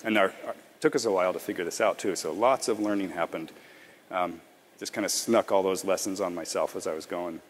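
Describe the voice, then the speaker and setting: Relaxed low-voiced man presenting in a hall. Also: a little fast, a little hiss or hum. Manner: relaxed, rambling, self-correcting. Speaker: conference presenter. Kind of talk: casual conference talk. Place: large conference hall. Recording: long hall reverb.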